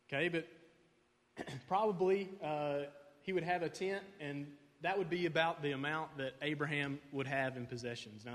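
A man's voice: on the high side, fairly bright tone. A man preaching a conversational sermon who keeps checking in with his listeners by asking "okay?". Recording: long hall reverb.

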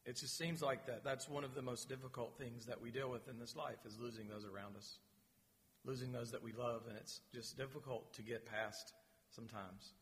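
A man leading his church in announcements and a spoken prayer, gentle and pausing, with repeated words. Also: medium pitch, fairly even intonation. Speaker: pastor. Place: church sanctuary. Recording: long reverb of a large hall.

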